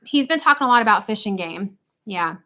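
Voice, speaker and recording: A middle-aged woman hosting a casual livestream chat from home, animated and jokey, quick to slip into funny voices. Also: medium pitch. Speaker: livestream host.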